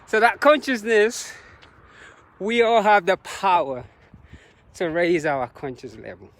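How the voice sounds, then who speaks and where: A man jogging outdoors along a road, slightly out of breath as he talks. His voice sits a little high, and his speech is reflective and motivational, broken up by easy laughs. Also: slow pace, fairly bright tone. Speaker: vlogger. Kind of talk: talking to camera while jogging. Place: outdoors on a road beside traffic.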